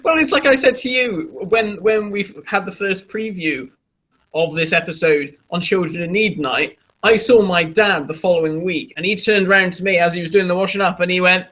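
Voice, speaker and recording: A man's voice: high voice, normal speed, bright, forceful tone, poor audio. A man co-hosting a casual chat show, telling loose stories with laughter and swearing. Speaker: podcast co-host.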